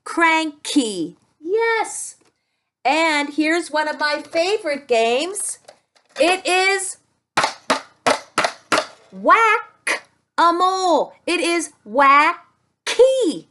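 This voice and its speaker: A woman speech-language pathologist teaching young children a speech sound with toys, talking slowly and stretching her sounds. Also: extremely high pitch, animated, fairly bright tone, a little hiss or hum.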